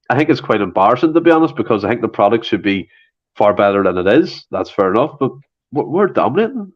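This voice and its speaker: A Scottish man co-hosting a football podcast, talking heatedly and swearing, his voice jumping up when he gets worked up. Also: medium pitch. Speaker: podcast co-host. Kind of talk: passionate casual football chat. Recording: dull lo-fi podcast audio.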